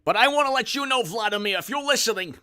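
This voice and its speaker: A man's voice: extremely high pitch, expressive, quick pace, bright, forceful tone, voice pushed up, exaggerated voice. A man doing a comedic impression of an indignant elderly male senator, hectoring and sarcastic. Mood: mock-indignant. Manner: hectoring, sarcastic, stumbling emphatic speech.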